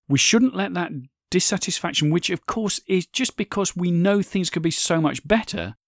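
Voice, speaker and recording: A man's voice: mid-range voice, no echo, clean studio sound. A man hosting a solo podcast, talking in an earnest, reflective way with frequent restarts. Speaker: podcast host.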